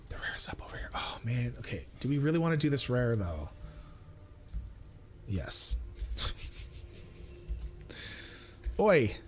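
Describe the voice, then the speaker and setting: A man's voice: mid-range voice, sing-song, a little slow, pauses often, whispered. A man live-streaming a game in casual chat, thinking aloud, mumbling asides and teasing himself. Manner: self-mocking and playful.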